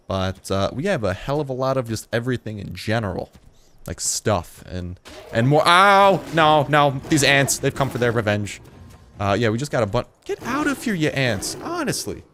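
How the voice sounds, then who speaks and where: A man's voice: medium pitch, a little hiss or hum. A late-teen man giving casual gameplay commentary as a video host, rambling, joking and swearing often. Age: late teens.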